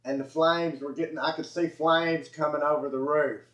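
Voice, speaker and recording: A man's voice: on the high side, steady tone, moderate pace, fairly bright tone. Southern man, casual storyteller, self-correcting and chuckly; roomy, muffled recording. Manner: rambling, self-correcting, chuckling folksy delivery. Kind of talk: casual spoken anecdote. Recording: echoey room, dull lo-fi audio.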